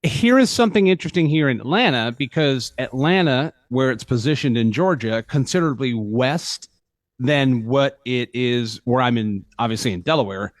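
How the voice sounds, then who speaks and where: Lively, animated male radio co-host. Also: medium pitch, no room sound. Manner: animated storyteller, quick to protest. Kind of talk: casual morning show banter.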